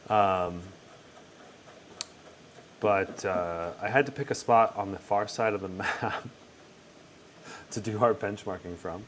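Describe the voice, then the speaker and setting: A man talks casually through a live gaming stream, pausing with fillers as he reads and answers chat questions. His voice sits on the lower side, and a faint hiss of noise stays under it. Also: fairly bright tone. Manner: casual, thinking aloud with fillers. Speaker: tech streamer. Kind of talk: live gameplay commentary reading chat.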